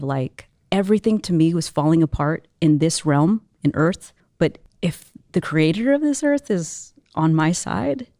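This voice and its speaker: A young adult woman, a guest, telling her life story in an interview, animated and quick, with many fillers. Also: low voice, dry recording, clean studio sound. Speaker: guest entrepreneur and musician.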